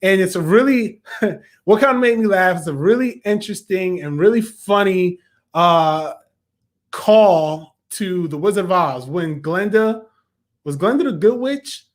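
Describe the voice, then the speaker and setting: Brief: young adult male host, high voice, chatty episode reviewer. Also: a little slow. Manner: chatty and animated, acts out quotes. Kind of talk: casual video review.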